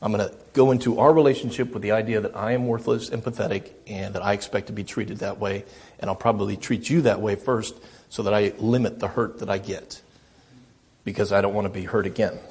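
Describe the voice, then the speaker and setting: A man's voice: lowish voice, fairly even intonation, fairly quick, darkish tone, breathy edge. A middle-aged man preaching a sermon as a pastor, earnest and self-deprecating, often repeating his phrases.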